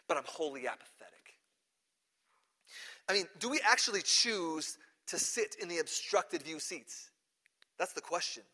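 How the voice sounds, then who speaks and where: Man, pastor, sermon, bright forceful voice, a bit high, conversational, loud then hushed. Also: big pitch swings, measured pace, long pauses, slightly rough. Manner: conversational preaching, swings from loud emphasis to quiet asides. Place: church.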